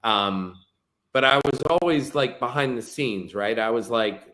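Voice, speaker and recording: A man who is a guest on a podcast, telling a relaxed, rambling story full of fillers and restarts in casual conversation. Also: medium pitch, measured pace.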